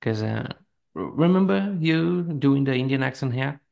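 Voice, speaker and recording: A man co-hosts a podcast in loose, rambling chat. His mid-range voice has a gravelly edge, and he fills his talk with "uh" and "you know" and breaks into laughter often. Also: medium pitch, lively intonation, moderate pace, a little mellow. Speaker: podcast co-host.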